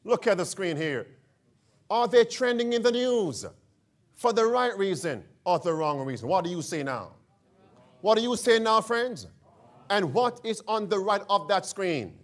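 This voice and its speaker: A male preacher delivers a sermon with a high voice and a slow, deliberate pace. He keeps asking his listeners questions and answering them himself, and he calls them friends as he presses each point. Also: animated. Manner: emphatic call-and-response questions.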